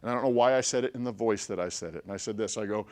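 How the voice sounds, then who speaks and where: A motivational speaker with a lowish, rapid-fire voice tells a group a personal story. He's animated, swinging between loud bursts and hushed stretches, and checks in with his listeners as he goes.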